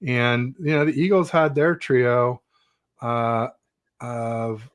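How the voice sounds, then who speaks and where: A man's voice: medium pitch, fairly even intonation, takes it slowly, clear, resonant tone, no room sound. A man hosting a casual sports talk show, laid-back, reading viewer comments and talking football. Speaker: sports podcast host.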